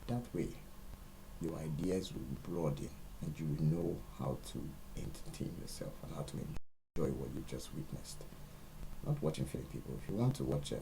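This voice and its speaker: Nigerian male host, very low and dark voice, emphatic ranting monologue, faint hiss behind. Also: vocal fry, low-quality recording. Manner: emphatic, ranting, rising into loud outbursts. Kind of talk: opinionated monologue.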